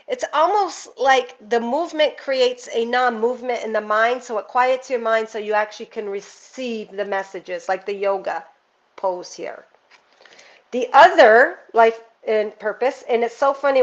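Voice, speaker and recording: A woman's voice: on the high side, muffled recording. A woman giving a casual, earnest spiritual card reading, talking straight to one viewer in an intuitive way.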